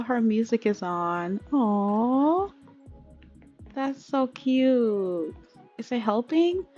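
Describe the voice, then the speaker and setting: A woman's voice: fairly high pitch, lo-fi sound. A woman hosting a game let's play, narrating in a chatty, dramatic way straight to her viewers. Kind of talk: casual game commentary. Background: faint music.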